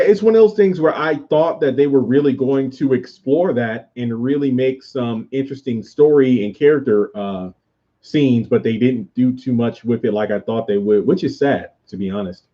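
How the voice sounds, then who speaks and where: A man with a mellow, dark-toned voice chatting casually on a livestream, rambling from thought to thought and answering viewers' comments aloud. The sound is slightly muffled, like a lo-fi home recording. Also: mid-range voice, normal speed. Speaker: YouTube host reviewing a TV show.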